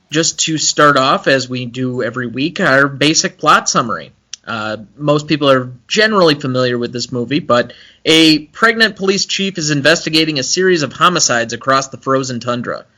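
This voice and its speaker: A man's voice: medium pitch, sharp tone. A young man co-hosting a casual movie-review podcast, chatty and analytical, with frequent fillers. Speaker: podcast co-host.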